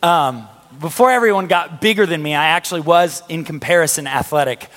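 A man's voice: fairly high pitch, brisk. Man preaching in an echoing hall. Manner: conversational, energetic, frequent restarts. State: losing his voice. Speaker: pastor. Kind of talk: sermon. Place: church hall with a live audience. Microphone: handheld or stage mic. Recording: long hall reverb.

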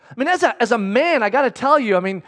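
A man's voice: very high-pitched, lively intonation, fast, a bit bright. A man preaching a sermon as pastor, earnest and emphatic, often repeating himself as he builds to fervent moments. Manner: repeats words when caught up in thought.

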